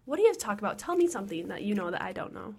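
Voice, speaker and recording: A young woman co-hosting a podcast in casual chat, bubbly and excitable, often giggling. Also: mid-range voice, very fast, creaky, breathy edge. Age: young adult. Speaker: podcast co-host.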